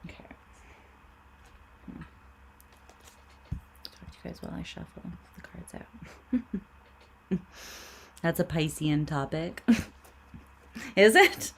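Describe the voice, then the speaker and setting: A woman's voice: low-pitched, flat delivery, slow pace, pauses often, a little mellow, a little hiss or hum. A woman giving a casual livestream tarot reading, laid-back and swearing freely, often laughing as she talks. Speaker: tarot reader.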